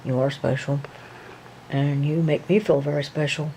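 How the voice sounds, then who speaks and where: Woman as a young male dancer: low, mellow, hesitant, soothing. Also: steady tone, a little hiss or hum, poor audio. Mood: gentle. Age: young adult. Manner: slow, soothing, hesitant with many ums. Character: young adult male dancer, gentle and reassuring.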